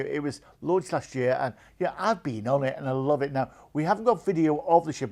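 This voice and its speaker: Man, TV cruise deals host, slightly high voice, enthusiastic sales patter, chatty fillers. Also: a little mellow. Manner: enthusiastic and salesy, full of fillers like "you know".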